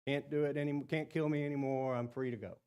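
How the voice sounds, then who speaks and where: A man voicing a calm, pious male priest in a joke he tells, with a solemn, serene delivery. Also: medium pitch, quick pace, clean tone, natural voice.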